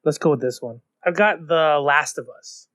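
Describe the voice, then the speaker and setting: A man's voice: a little high, moderate pace, a bit bright, no echo. A young man co-hosting a podcast, chatting casually in a laid-back, hesitant way with many ums. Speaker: podcast co-host. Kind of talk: casual chat.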